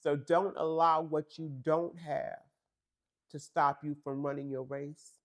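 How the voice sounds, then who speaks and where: A woman's voice: low voice, level tone, measured pace. A woman hosting a faith-based podcast, giving an emphatic motivational talk to women listeners with lots of repetition and direct address. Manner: preachy and emphatic, repeats phrases for emphasis; talks straight to women listeners, calls them girl and honey. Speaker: podcast host.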